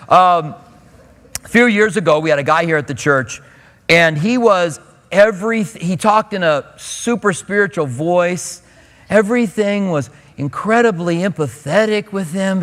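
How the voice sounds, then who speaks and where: A man's voice: high voice, measured pace, a bit bright, big-room sound. A male pastor preaching a sermon in a conversational way, acting out the voices he quotes. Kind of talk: expository sermon.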